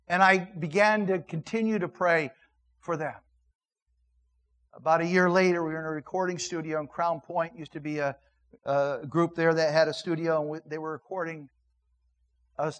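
Earnest middle-aged preacher, slightly high voice. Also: male voice, steady tone, normal speed, rough recording. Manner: earnest, swings from loud emphatic preaching to hushed storytelling. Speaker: pastor. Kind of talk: sermon with personal story.

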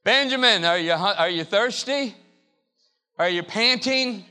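A man's voice: high voice, animated, measured pace, pushed and bright. A male pastor from the South, preaching a sermon in a church and repeating key phrases in call-and-response. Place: church sanctuary.

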